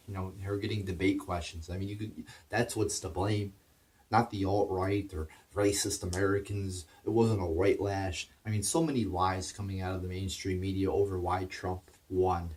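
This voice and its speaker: A man's voice: sits low, darkish tone, far from the mic. A man delivering a heated, profane political rant, stumbling over his words and restarting as he goes. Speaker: political commentator.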